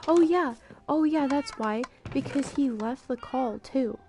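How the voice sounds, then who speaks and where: A woman's voice: high voice, normal speed. A woman streamer chatting casually while gaming, telling a rambling story and losing her train of thought. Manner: rambling, easily distracted storytelling.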